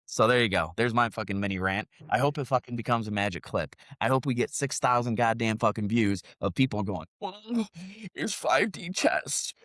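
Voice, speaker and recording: A man's voice: fairly low pitch, fairly quick, few pauses, fairly bright tone, no echo. A man co-hosting a podcast, ranting profanely and mocking people with sarcastic voices, his sinuses stuffed and sniffling. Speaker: podcast co-host. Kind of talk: profane political rant. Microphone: separate remote mic.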